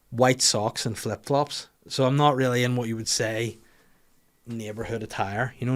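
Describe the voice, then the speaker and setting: A man in his thirties with a Northern Irish accent, hosting a podcast and rambling through a comic story, swearing freely. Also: medium pitch. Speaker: comedian podcast host. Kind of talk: casual comic monologue.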